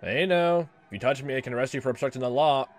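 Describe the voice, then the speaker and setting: A man's voice: mid-range voice, fast talker, slight background noise, lightly acted. A man voicing a smug, clipped police officer. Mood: officious.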